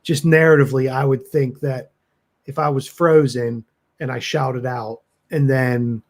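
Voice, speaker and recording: A man playing a tabletop horror game describes what his character does, hesitating often and filling gaps with ums and you-knows. His voice is medium in pitch, with a steady tone and a measured pace.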